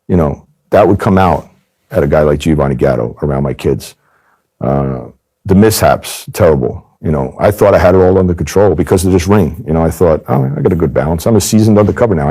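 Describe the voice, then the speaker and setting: A man's voice: very deep voice, warm tone. A man recounting his time as an undercover agent in a candid interview, emphatic and repeating phrases for stress. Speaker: former undercover agent telling his story.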